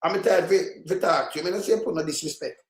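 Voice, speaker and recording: Jamaican Patois male commentator, high voice, furious, swearing, echoey room. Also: fast talker. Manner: heated, profane, scolding rant. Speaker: political commentator. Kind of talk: reaction commentary on played clips.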